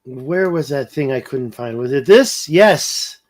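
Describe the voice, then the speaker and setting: His voice sits in the middle range, with lively intonation and an unhurried, measured delivery. He's a livestream host in a casual session, panning a map, thinking out loud in a rambling way and reading viewer comments as they come in.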